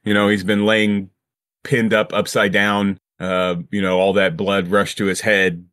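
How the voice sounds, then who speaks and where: A man's voice: fairly low pitch, little pitch movement, measured pace, fairly bright tone, dry recording, clean studio sound. A man running a tabletop game as game master, setting scenes and asking his player questions.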